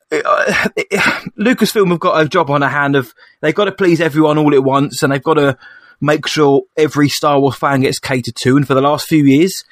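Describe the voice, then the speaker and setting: A young man co-hosting a casual podcast chat, excitable and chatty, calling his friend "mate". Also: a little high, dry recording, studio quality. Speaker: podcast co-host.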